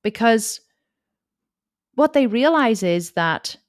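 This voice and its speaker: A woman fitness coach telling a personal story to camera in a candid, animated way, swearing freely. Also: on the high side, takes it slowly, no echo, studio quality.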